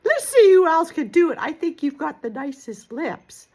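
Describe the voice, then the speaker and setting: Gentle grandma puppeteer for preschoolers. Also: female voice, sits high, very animated, normal speed. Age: older. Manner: gentle, encouraging. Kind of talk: children's puppet show.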